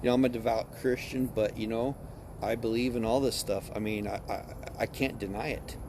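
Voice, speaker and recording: A man's voice: medium pitch, steady tone, fairly quick, noisy background. A man on a ghost tour chatting casually, agreeing often and telling a personal story. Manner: eager listener with frequent agreeing interjections, laughs while telling his story. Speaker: tour guest. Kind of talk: casual chat. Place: outdoors on a city street.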